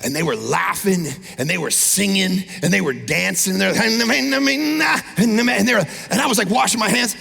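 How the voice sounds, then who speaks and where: High, gravelly preacher in a hall. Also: male voice, brisk, few pauses. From Canada. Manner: animated, shouting peaks, mimics people. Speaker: pastor. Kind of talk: energetic sermon. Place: large church auditorium. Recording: long hall reverb.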